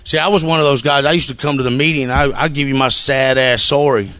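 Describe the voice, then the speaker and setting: Bright-toned man sharing his recovery story. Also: mid-range voice, steady tone, fast. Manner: casual, profane storytelling with frequent "you know what I'm saying". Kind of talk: recovery meeting testimony.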